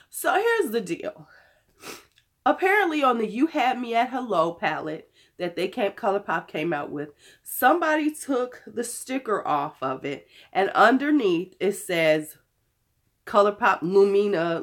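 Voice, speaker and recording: A woman in her fifties talks straight to her viewers in a hoarse voice, since she is under the weather. She is blunt and chatty and swears freely. Her pitch and pace sit in the middle range. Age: 50s. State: hoarse from illness. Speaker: beauty vlogger. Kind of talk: casual chat to camera.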